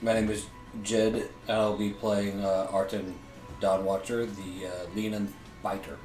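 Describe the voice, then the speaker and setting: A man's voice: lowish voice, little pitch movement, measured pace, a little mellow, soft background music. Laid-back man player, echoey room. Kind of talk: casual tabletop chat.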